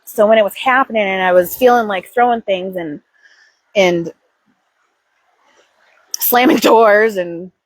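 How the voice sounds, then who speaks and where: A woman's voice: medium pitch, a little slow, long pauses, dry recording, poor audio. A woman in her thirties hosting a casual self-help stream, speaking candidly, swearing freely and coaching herself aloud. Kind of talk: casual confessional chat.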